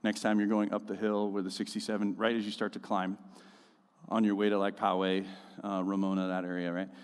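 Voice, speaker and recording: A man preaching a sermon as a pastor, conversational and full of animated storytelling, in a church auditorium. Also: on the low side, brisk, smooth. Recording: echoey church hall.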